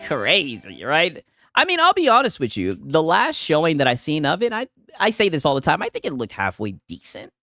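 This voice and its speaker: A man's voice: on the high side, brisk, no echo, faint music behind. A man streaming casual, profane gaming commentary who keeps asking "right?" between his points. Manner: profane and animated, constantly adds "right?". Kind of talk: casual ranting live stream.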